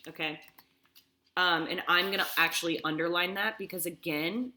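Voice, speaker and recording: Bright, lowish woman teacher. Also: steady tone, moderate pace. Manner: explanatory, checking in with "okay?". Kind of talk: reading a story and explaining it in a lesson. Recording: echoey room.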